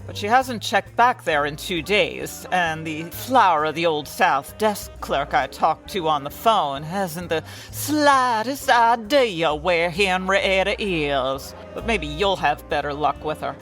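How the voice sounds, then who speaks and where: An actor playing a blunt, tactless 1950s client who talks in brisk old-fashioned detective-story phrases, in a comedy audio drama. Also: mid-range voice, lively intonation, fairly bright tone, soft background music, poor audio.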